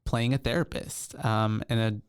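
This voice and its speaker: Rambling male podcast host, smooth dry voice. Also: on the low side, fairly even intonation, measured pace, no room sound. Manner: rambling, many ums and restarts. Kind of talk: casual chat.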